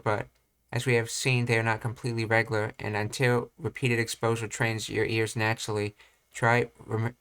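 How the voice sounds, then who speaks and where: A young man reading and commenting on language study material, thinking aloud with halting restarts. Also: mid-range voice, fairly bright tone, clear, resonant tone. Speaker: language teacher.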